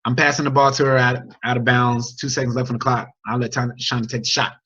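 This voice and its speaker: A man coaching his team on a group video call, telling a story with an energetic, chatty manner and questions to the group. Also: mid-range voice, fast, breathy edge. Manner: energetic, chatty, sports metaphors and crowd questions. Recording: dull lo-fi video call audio.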